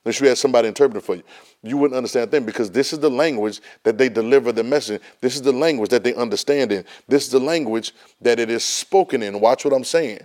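A man's voice: medium pitch, fast, darkish tone. A man teaching a Bible study class, emphatic and folksy, often repeating words as he restarts a thought. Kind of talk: Bible study lesson, preaching.

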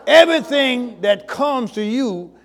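A man preaching a sermon with emphasis, swinging from loud calls to low, quick asides. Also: lively intonation, a faint crowd. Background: congregation.

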